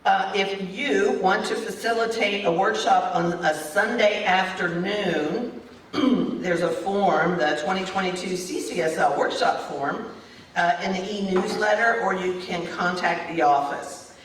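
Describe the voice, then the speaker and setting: A woman's voice: medium pitch, measured pace. A woman giving cheerful church announcements as a practitioner, upbeat and enthusiastic. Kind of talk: casual announcements. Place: church meeting hall. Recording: echoey hall, mic at a distance.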